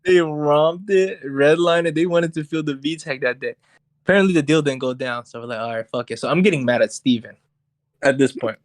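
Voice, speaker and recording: A young man co-hosting a podcast, telling a story in a casual, animated, profane way and acting out what people said. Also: a little high, fairly quick, dry recording. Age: young adult. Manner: animated, profane, acts out quotes. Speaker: podcast co-host. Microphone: podcast mic on voice chat.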